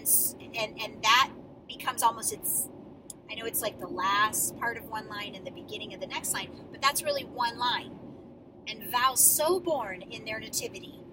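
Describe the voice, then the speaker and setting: A drama coach talks her students through their scenes, encouraging them and explaining at length. Her voice sits at an ordinary middle pitch and comes from some distance off the mic. Steady traffic noise runs underneath. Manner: encouraging, explanatory, with many fillers. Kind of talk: acting feedback for students.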